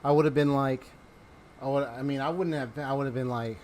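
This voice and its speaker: A man casually commenting on a game he is playing, animated and slangy, laughing often. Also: medium pitch, brisk, slight background noise. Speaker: let's play host.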